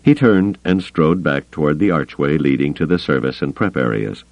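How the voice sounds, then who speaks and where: Male audiobook narrator: very low, steady reading; dry, slightly muffled studio sound. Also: normal speed, gravelly, no echo. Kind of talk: scripted narration.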